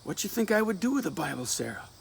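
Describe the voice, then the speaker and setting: A man's voice: high-pitched, sing-song, fast, gravelly, a little hiss or hum, full character voice. A man voicing a bold, restless nineteen-year-old who teases and reassures his sweetheart, in a dramatic reading of a play with rural dialect. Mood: defiant, wistful. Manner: teasing, confident, rural dialect.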